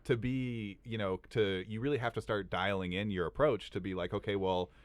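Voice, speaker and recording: A man's voice: on the low side, steady tone, normal speed, no echo. A man hosting a podcast, chatting casually with lots of fillers. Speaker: podcast host.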